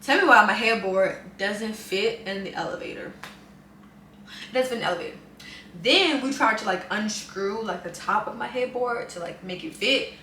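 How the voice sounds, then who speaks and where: A woman vlogger in her 20s from New Orleans, USA, tells a chatty, dramatic story in casual storytime fashion, animatedly retelling events. Her medium-pitched voice moves at normal speed, recorded on a camera mic with roomy echo, a faint hum, and her voice a bit off-mic.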